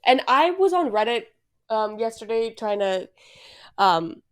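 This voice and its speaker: Young female podcast co-host, clear smooth voice, casual rambling chat with filler words. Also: fairly high pitch, big pitch swings, measured pace. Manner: rambling, frequent fillers and self-deprecating asides.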